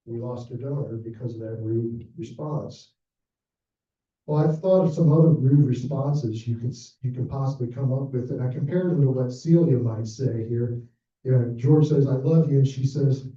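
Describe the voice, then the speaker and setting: A middle-aged man lecturing fundraisers at a conference, slipping into acted-out dialogue as he tells his stories. His voice is dark and mellow, picked up from a distance. The room echoes heavily and the sound is dull. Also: medium pitch, normal speed. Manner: storytelling, acts out quoted dialogue. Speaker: planned giving director presenting a workshop.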